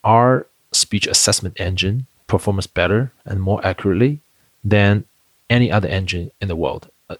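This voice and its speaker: Speaking as an interview guest, a male edtech founder spins his answers into chatty stories, restarting often and leaning on fillers. The voice is low-pitched yet fairly bright in tone, and there's no echo.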